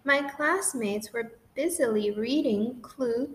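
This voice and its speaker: A woman reading a rhyming children's picture book aloud in an expressive, sing-song way. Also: a little high, slow. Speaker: storybook reader. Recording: roomy echo with faint noise.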